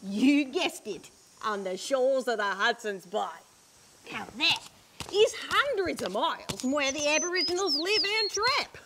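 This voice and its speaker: A woman's voice: high-pitched, measured pace, background noise. A woman playing a brash wildlife-show host. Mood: showy. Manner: excitable, theatrical, shifts to hushed whispers. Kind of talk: comedy sketch.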